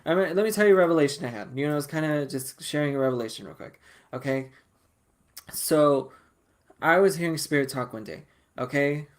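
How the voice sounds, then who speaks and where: A man's voice: a little high, brisk. Sassy, swearing male tarot reader. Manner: sassy, profane and animated, laughing and calling listeners honey. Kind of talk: casual collective tarot reading.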